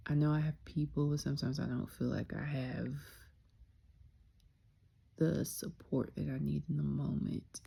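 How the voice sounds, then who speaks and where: A young woman reflects openly in a personal vlog, her voice low and dark with a gravelly edge. She speaks softly and candidly, slipping into near-whispers at times. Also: flat delivery, a little slow. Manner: soft-spoken, candid, drops into whispers. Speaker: vlogger.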